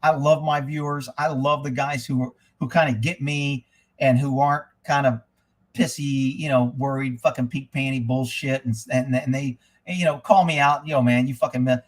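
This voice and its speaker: A middle-aged man hosting a live stream, ranting loudly and profanely as he tells stories in casual talk. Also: medium pitch, a little fast. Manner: loud, profane, type A storyteller.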